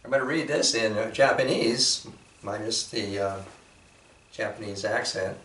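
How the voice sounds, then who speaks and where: A man giving a reflective, unhurried talk, with measured pauses and frequent fillers. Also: fairly low pitch, fairly bright tone. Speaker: speaker presenting a painting. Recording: roomy echo from a distant mic.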